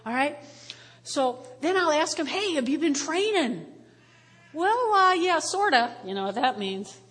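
A woman in her fifties, a pastor preaching a sermon with animated, playful storytelling. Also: sits high, moderate pace. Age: 50s. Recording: reverberant hall.

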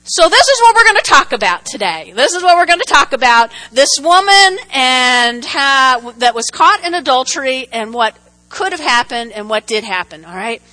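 A woman preaching a sermon, animated and repetitive, often checking in with her listeners. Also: sits high, moderate pace, low-quality recording. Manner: animated, repeats for emphasis, checks in with "okay?".

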